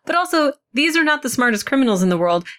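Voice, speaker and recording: A woman co-hosting a casual film chat, wry and quick to swear, acting out scenes she describes. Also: high voice, sing-song, a bit bright. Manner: wry, swearing, acts out quotes. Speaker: podcast co-host.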